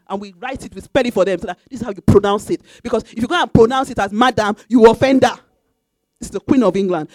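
A woman's voice: a little high, fast talker, darkish tone, no room sound. Woman, sermon, emphatic and repetitive, sung phrases, dry close sound. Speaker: preacher. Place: church.

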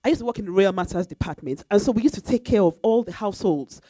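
A woman preaches in church with emphatic, repeated lines. Now and then she breaks into a sung phrase. The sound is dry and close, with her voice at a middle pitch. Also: animated, fast talker, warm tone, no room sound. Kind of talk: sermon.

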